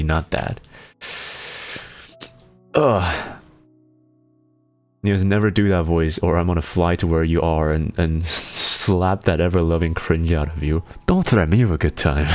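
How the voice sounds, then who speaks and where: A man with a hoarse, worn voice from laryngitis, chatting casually on a stream, rambling and joking and often laughing. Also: sits low, a little mellow.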